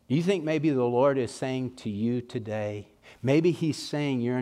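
Earnest East Texas preacher. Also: male voice, mid-range voice, measured pace, mellow. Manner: earnest, pleading, with swinging emphasis. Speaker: pastor. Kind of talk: sermon.

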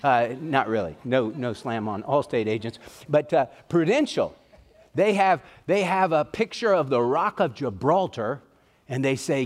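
A man's voice: mid-range voice, animated, unhurried. A middle-aged man preaching a sermon in a folksy, conversational way, telling personal stories.

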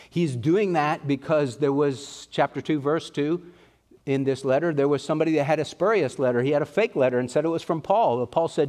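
A man's voice: medium pitch, moderate pace, mellow. A male pastor with an East Texas accent preaching a sermon, earnest and pleading, with rising and falling emphasis.

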